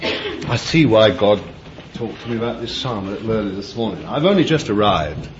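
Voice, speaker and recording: A man preaching a sermon, dramatic and deliberate, moving from quiet musing to loud cries and drawing out his words. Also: lowish voice, animated. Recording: dull lo-fi recording with faint ambient noise.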